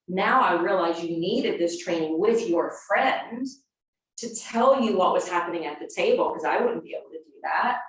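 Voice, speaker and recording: A woman yoga teacher telling a personal story in an earnest, animated way, then leading a class into a seated stretch. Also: fairly low pitch, normal speed. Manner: earnest and animated, acting out quotes. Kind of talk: storytelling and guided yoga instruction. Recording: very echoey room, voice from a distance.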